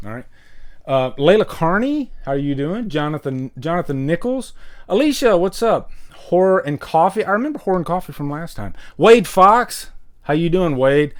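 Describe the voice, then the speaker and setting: A man's voice: on the high side, sing-song, normal speed. A man hosting a casual livestream, greeting viewers in the chat by name and rambling between topics. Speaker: livestream host. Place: home room with vinyl records.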